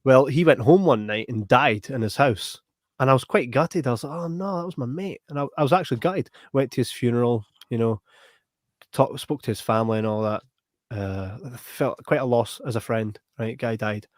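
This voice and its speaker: A young Scottish podcast host talks at a normal speed with a medium pitch, animatedly rambling through a long story and often adding "right?". It's a studio-quality recording without echo.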